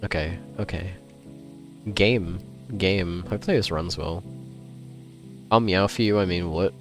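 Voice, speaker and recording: Playful low-voiced male streamer. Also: unhurried, faint music behind. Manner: playful and chatty, excitable greetings to chat. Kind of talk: casual livestream chat while gaming.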